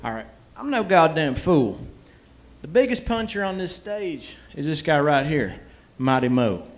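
A man's voice: a little high, big pitch swings, a little slow. A man talking on a comedy roast stage, rowdy, crude and boastful, swearing constantly into a handheld mic. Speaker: guest fighter at a comedy roast. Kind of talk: profane improvised stage banter. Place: comedy club stage with live audience.

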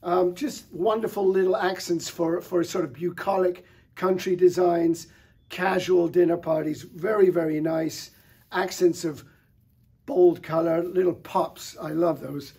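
Warm, husky-voiced man presenting flowers. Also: sits high, a little slow. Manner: enthusiastic, relaxed, with fillers. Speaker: florist presenter. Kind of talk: product showcase talk.

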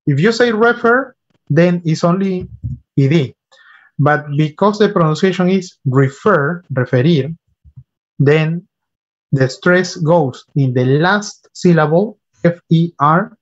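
A man whose first language is Spanish teaches an online English class over a computer mic on a video call. His voice is a little high and a little slow, and the audio sounds dull. He patiently repeats words and spells them out for his students.

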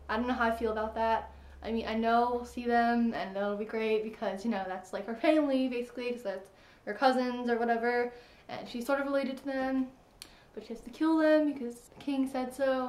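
Chatty excitable young-sounding woman. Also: on the high side, reverberant. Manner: chatty and excitable, lots of "like" and "I was like". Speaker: book vlogger. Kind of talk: casual book discussion vlog.

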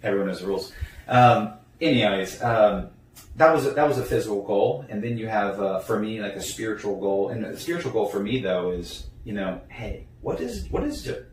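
A man's voice: lowish voice, brisk. A young man talking casually as an interview guest, rambling with many fillers and restarts. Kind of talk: casual conversation. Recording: echoey room, mic at a distance, faint background noise.

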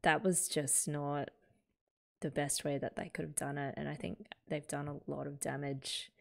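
A woman's voice: low-pitched, level tone, normal speed, gravelly. An Australian woman hosting a manga reaction, casually thinking aloud and correcting herself as she goes. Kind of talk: casual reading and reaction commentary.

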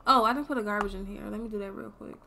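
Gravelly-voiced young woman streamer. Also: medium pitch, rapid-fire, sharp tone, slight background noise. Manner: chatty, swears freely, talks to viewers. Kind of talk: casual gameplay commentary.

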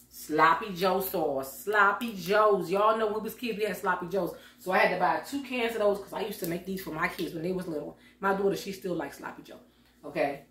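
A middle-aged woman vlogging from her home kitchen, chatting in a folksy way and talking straight to her viewers. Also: fairly low pitch. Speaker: lifestyle vlogger. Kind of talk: casual chat to viewers. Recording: echoey room, voice from a distance.

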